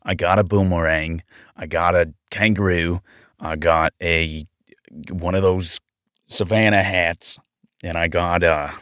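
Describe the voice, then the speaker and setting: A man's voice: deep voice, fairly even intonation, moderate pace, hardly any pauses, fairly bright tone, voice pushed down. A man putting on an exaggerated Australian bloke voice and laughing through his lines. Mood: goofy. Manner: giggly, breaking into laughter between lines.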